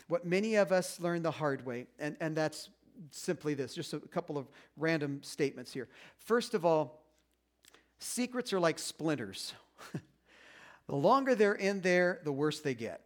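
A man preaching a sermon as pastor, in a conversational way, acting out little voices and quotes. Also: fairly high pitch.

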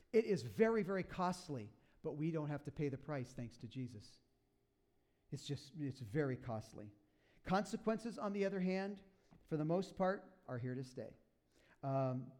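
A male pastor's sermon has him retelling a story to the congregation, voicing the characters and dropping in lively asides along the way. His pitch leans high.

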